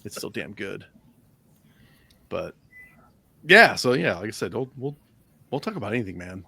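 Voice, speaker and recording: A man's voice: fairly low pitch, sing-song, moderate pace, creaky, pushed and bright, breathy edge, no echo. A man co-hosting a podcast, chatting casually with a lot of swearing and laughter. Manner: laughs often, mock voices when quoting. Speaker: podcast co-host. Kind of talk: casual profane banter.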